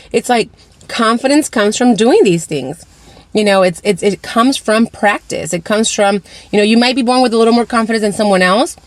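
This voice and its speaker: A woman's voice: medium pitch, no echo. A woman coaching and co-hosting a podcast, talking encouragingly and slipping into Spanish mid-sentence. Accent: Latina American English with Spanish words. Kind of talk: casual podcast chat.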